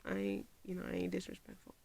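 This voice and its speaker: A woman's voice: lowish voice, fast, creaky, slightly rough. A young woman vlogger telling a personal story to her viewers on a phone camera, casual and conversational, acting out the back-and-forth of the conversation. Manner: animated storyteller who acts out quoted dialogue. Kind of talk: storytime vlog, casual retelling.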